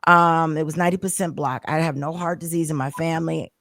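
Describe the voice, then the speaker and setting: A woman's voice: deep voice, steady tone, fast, a bit bright. A woman hosting a talk show panel, telling her own story with emphatic exclamations.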